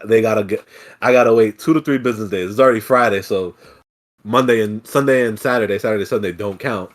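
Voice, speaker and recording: A young man hosting a podcast, telling a story in casual chat with animated, profane ranting. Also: lowish voice, quick pace. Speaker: podcast host.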